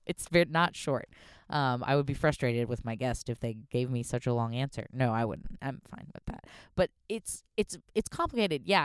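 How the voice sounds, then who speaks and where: Young woman podcast host, slightly hoarse, low voice, smooth and dry, rambling chatty rant in a car. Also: dry recording. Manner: rambling, self-deprecating, chatty with many fillers. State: a little hoarse. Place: in a parked car.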